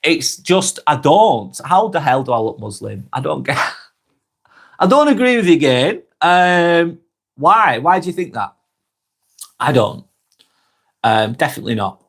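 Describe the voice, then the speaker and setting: Hosting a relaxed live vlog, this northwest England man with a Blackburn and Darwin Lancashire accent reads out viewer comments warmly and chattily. His voice is on the high side and very animated, with a measured pace, long pauses, and a creaky, fairly bright, breathy edge.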